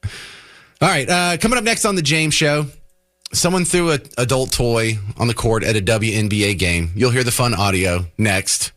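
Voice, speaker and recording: A man's voice: medium pitch, moderate pace. Sarcastic male talk radio host. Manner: sarcastic, animated, mocking. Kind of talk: opinionated talk radio monologue.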